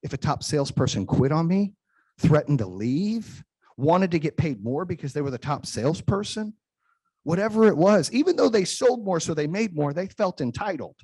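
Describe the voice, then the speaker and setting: A man in his forties hosts a podcast with a slightly husky, breathy voice pitched a touch high for a man. He tells stories emphatically in a motivational monologue and slips into the voices of the people he quotes. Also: sing-song, moderate pace, a little mellow. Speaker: podcast host.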